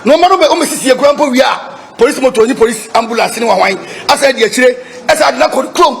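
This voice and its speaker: With a very high-pitched, creaky voice at a quick pace, a man representing football club supporters delivers a press statement to reporters. He speaks with a Ghanaian accent, emphatic and repetitive, alternating between English and Twi.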